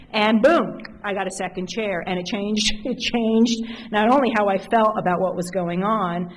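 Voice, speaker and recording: A middle-aged woman giving a conference keynote in a loose, conversational way, full of fillers and lively retold stories. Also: medium pitch, normal speed, slight background noise, low-quality recording. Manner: conversational, animated storytelling with fillers. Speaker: keynote speaker. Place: conference hall.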